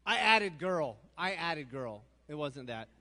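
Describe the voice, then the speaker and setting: Animated older man fumbling through slang. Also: on the high side, slow pace. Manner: self-mocking, stumbling over slang, laughing. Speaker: youth minister leading a game. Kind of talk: playful group game in front of students.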